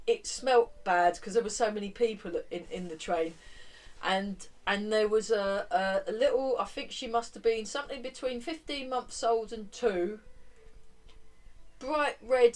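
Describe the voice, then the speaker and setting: A fairly high-voiced woman leads a tai chi class in a relaxed, chatty way, counting the steps out loud. She sits a little back from the microphone, so her voice sounds slightly distant. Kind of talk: guiding a movement class.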